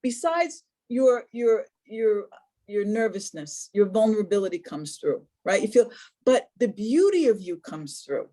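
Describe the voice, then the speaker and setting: A woman's voice: mid-range voice, big pitch swings, measured pace, mellow. An older American woman teaching an online English conversation class, encouraging and repeating words as she searches for them. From United States. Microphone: video call.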